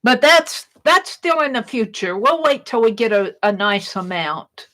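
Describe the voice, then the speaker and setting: A woman hosts a casual art livestream and tells a rambling story while she crafts. Her voice sits a little high. She talks warmly to her viewers and giggles often. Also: lively intonation, measured pace, low-quality recording. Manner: chatty and rambling, warm toward viewers, frequent giggles.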